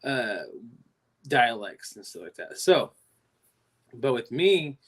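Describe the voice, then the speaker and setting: A man's voice: mid-range voice, very animated, takes it slowly. A man with a Californian accent hosts a casual livestream. He rambles through long stories, often repeating himself and trailing off mid-thought. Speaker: livestream host. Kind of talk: casual live-stream chat.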